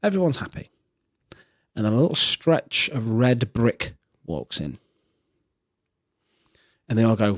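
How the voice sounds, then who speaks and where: A man's voice: medium pitch, a little slow, long pauses, dry recording, studio quality. A man co-hosting a comedy podcast, telling sweary jokes in casual chat. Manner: animated, sweary joke-teller. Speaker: podcast co-host.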